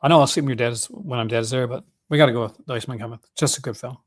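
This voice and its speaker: Man, livestream host, casual, enthusiastic, rambling, mid-pitched voice. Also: steady tone, racing. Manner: rambling, enthusiastic, self-correcting.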